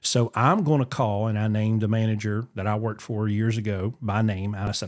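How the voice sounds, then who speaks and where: A man's voice: lowish voice, normal speed, hardly any pauses. A man, hosting a podcast and telling a story in casual chat, acting out the voices he quotes. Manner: animated, acts out quoted voices. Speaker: podcast host.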